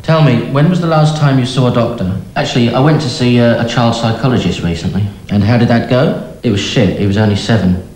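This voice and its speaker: An actor playing a patient and a therapist, trading deadpan one-liners. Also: male voice, mid-range voice, a little fast, natural voice. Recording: echoey room with faint noise.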